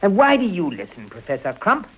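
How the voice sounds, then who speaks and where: A brisk radio quizmaster. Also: male voice, high-pitched, wildly swooping pitch, slightly rough, exaggerated voice. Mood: probing. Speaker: quizmaster interviewing panel guests. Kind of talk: 1940s radio comedy acting. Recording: dull 1940s radio broadcast.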